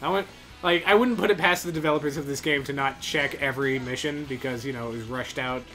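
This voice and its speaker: A man's voice: medium pitch, fairly even intonation, fast, sharp tone, soft background music. A man co-hosting a gaming video, making wry, teasing jokes in casual commentary.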